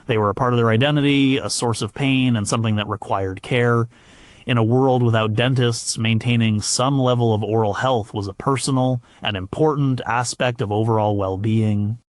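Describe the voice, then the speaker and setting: A man narrating a scripted history documentary in a measured way, with occasional stumbles and fillers. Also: medium pitch, fairly even intonation, no room sound, clean studio sound.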